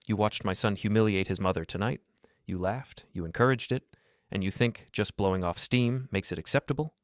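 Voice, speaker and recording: A man's voice: lowish voice, fairly quick, dry recording, clean studio sound, natural voice. A man voicing a furious, betrayed middle-aged father who makes cold, cutting accusations. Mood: accusing.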